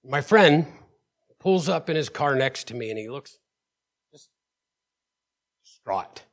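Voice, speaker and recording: A male pastor preaching in a middle-pitched voice and telling stories from his own life. He leans hard on key words, calls out to the congregation for agreement and stumbles over repeated words as he builds momentum. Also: expressive, slow. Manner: emphatic, with call-outs to the congregation; storytelling, stammers and repeats words. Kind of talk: sermon.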